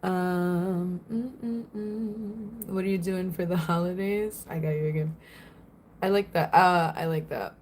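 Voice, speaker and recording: A woman's voice: on the low side, fairly even intonation, unhurried, darkish tone, a little hiss or hum. A young woman from Florida chatting casually on a livestream, giggling often and answering viewers' comments.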